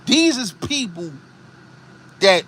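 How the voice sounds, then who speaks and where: A man's voice: sits high, very animated, takes it slowly, a bit bright, husky. A middle-aged man from the Bronx with a New York accent, hosting a show and ranting in a heated, emphatic, repetitive way. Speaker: host. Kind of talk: heated commentary monologue.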